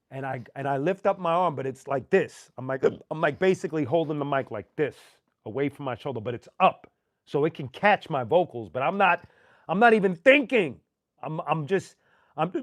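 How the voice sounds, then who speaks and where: Animated, cursing man telling a story. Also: fairly high pitch, no room sound. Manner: profane, animated anecdote telling with slang. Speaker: host. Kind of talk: casual storytelling.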